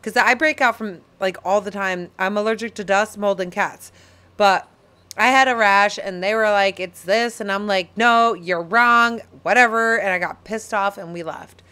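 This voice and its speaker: A woman co-hosting a podcast, chatting casually and telling stories in a blunt, animated way. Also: mid-range voice, normal speed. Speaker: podcast co-host. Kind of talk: casual chat.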